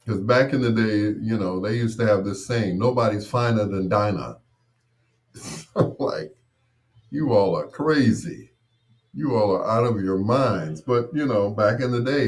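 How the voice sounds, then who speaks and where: Man host, low voice, unhurried, rambling anecdotes, laughs often, fillers and restarts. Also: a little mellow. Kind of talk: casual storytelling.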